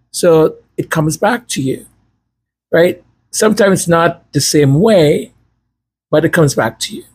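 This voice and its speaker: Male channel host, casual commentary, husky tone, heartfelt, slow delivery with restarts. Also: a little high, a little mellow, poor audio. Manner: earnest and heartfelt, searching for words with frequent restarts.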